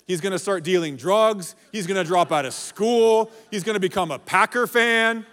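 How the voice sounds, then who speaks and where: A man in his forties, a pastor, preaching a sermon to a church in an energetic, joking way and calling out to the congregation. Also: sits high, moderate pace. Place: large church auditorium. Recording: long hall reverb.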